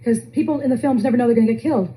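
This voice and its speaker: A woman's voice: a little high, very fast, warm tone, low-quality recording. A woman comedian performing a live stand-up set, telling stories with vocal sound effects and impressions. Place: comedy stage with a live audience. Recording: live club recording with crowd. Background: audience laughter.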